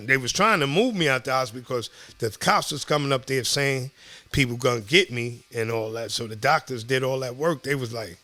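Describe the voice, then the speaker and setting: A middle-aged man from Southside Jamaica Queens with a New York accent, telling stories as a podcast guest in an animated, profane way. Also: medium pitch, brisk, dry recording. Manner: animated, profane, acts out quoted voices. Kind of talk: casual storytelling.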